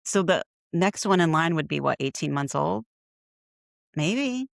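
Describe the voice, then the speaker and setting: Exasperated woman with a lowish voice. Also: expressive, measured pace, vocal fry, dry recording, clean studio sound. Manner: exasperated, emphatic reactions. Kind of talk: casual gossip chat.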